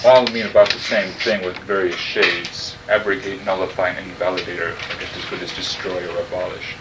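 Man teaching greek in a class, lowish voice, patient, mic far off and noisy. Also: level tone, brisk, few pauses. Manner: patient, explanatory, quizzes the class. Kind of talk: classroom lecture. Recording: distant mic, noisy room.

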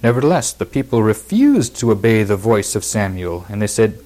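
A man's voice: lowish voice, expressive, fairly quick, mellow. A man preaching a verse-by-verse sermon, reading scripture aloud and explaining it with emphatic repetition.

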